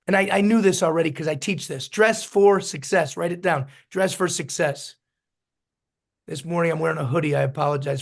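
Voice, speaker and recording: A man's voice: high voice, gravelly. A man coaching a business team in a storytelling motivational talk, repeating his key points with emphasis. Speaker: business mentor.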